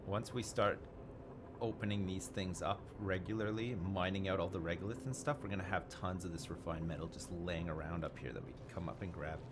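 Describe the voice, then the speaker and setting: A man's voice: low-pitched, noisy background. A man streaming a video game, rambling and thinking aloud in casual commentary, swearing now and then.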